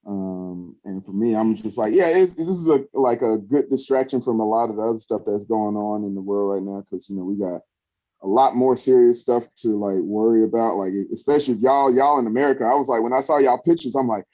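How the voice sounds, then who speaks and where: A man co-hosting a casual podcast, talking in a rambling way and filling pauses with "you know" and "um.". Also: on the low side, warm tone. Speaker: podcast co-host.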